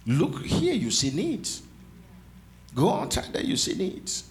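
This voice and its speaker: A man's voice: high voice, wildly swooping pitch, takes it slowly. A man preaching a sermon in a church, calling out to the congregation and teasing them with playful asides. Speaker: pastor.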